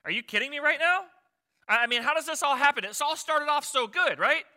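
An exasperated young mother-to-be pours out pleading, disbelieving questions, as a man preaching puts her on. The voice sits raised and bright, with a sharp, ringing edge. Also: high-pitched, animated, racing, pitched above the performer's own voice, exaggerated voice. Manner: pleading, incredulous rhetorical questions.

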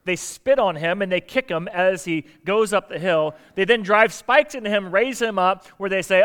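A man preaching a sermon as pastor, animated, asking rhetorical questions and acting out quoted lines. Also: high-pitched, normal speed, few pauses, clear, resonant tone.

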